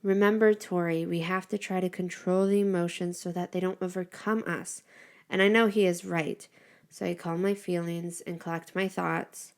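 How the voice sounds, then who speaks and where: A woman reading a first-person story aloud with an expressive, dramatic delivery. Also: on the low side, moderate pace, smooth.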